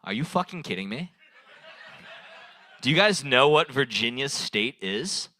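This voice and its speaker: A man's voice: mid-range voice, big pitch swings, unhurried, pushed and bright, no room sound. Rambling young man doing crowd work. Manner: loose, rambling, swearing, laughing at his own jokes. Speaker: open mic comedian. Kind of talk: improvised stand-up crowd work. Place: small bar stage. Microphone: handheld stage mic.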